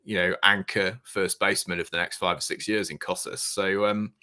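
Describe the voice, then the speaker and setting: A man's voice: deep voice, level tone, moderate pace, bright, forceful tone. A man with a Northern English accent, chatting easily as a podcast guest. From England. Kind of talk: casual chat.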